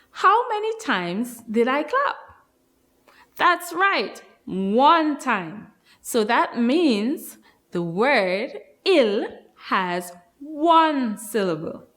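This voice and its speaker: A woman teaching a nursery phonics lesson to young children, prompting them in a slow, sing-song teacher's voice. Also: a little high, a bit bright. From Guyana.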